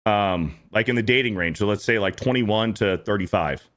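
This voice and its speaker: A man's voice: fairly low pitch, moderate pace. A man in his thirties hosting a stream, ranting in casual, profane reaction commentary and repeating himself often. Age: 30s. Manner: animated, repetitive, profane ranting. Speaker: streamer host reacting to clips.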